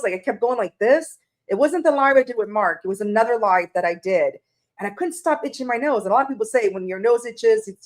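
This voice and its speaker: Woman tarot livestream host, slightly high voice, casual and tearful, chatting to her viewers from home. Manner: emotional, greets chat viewers warmly by name. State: tearful, emotional.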